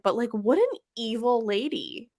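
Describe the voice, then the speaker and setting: A woman's voice: fairly high pitch, big pitch swings, unhurried, a little mellow, no echo, studio quality. A woman interviewing a guest in casual chat, asking loose, rambling questions full of fillers. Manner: chatty, many fillers, leading questions.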